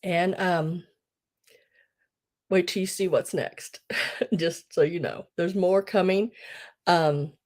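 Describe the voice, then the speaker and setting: A woman hosts a live-streamed sale while fighting back tears. Her voice sits a little low, and she speaks slowly, halting between grateful, emotional phrases. She sounds close to crying throughout. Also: steady tone. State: tearful, crying. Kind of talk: live-streamed auction chat.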